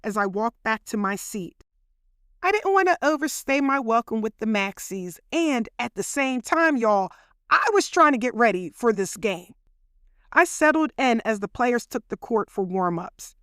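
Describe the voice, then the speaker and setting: Chatty woman telling her story, higher voice. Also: unhurried, clean tone, dry recording, clean studio sound. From Philadelphia. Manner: chatty, animated, speaks straight to listeners. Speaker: podcast host telling her own story. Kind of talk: casual personal storytelling.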